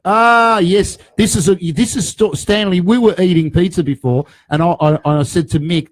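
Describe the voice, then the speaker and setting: A man in casual chat, telling a story in a lively, jokey way and acting out the quotes. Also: fairly high pitch, normal speed, few pauses, no room sound. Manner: lively, jokey, tells stories with voiced quotes. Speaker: guest, storyteller.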